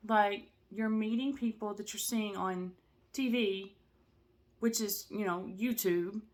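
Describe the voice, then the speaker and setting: A woman's voice: mid-range voice, steady tone, takes it slowly. A tired woman chatting casually to camera at home, rambling with lots of fillers and asides. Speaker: cross-stitch vlogger.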